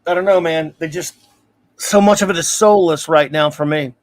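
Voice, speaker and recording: A man who is a guest on a relaxed film discussion, with a voice pitched a little above average. He weighs his opinions as he goes and softens them with hedges. He also reads viewer comments aloud. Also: moderate pace.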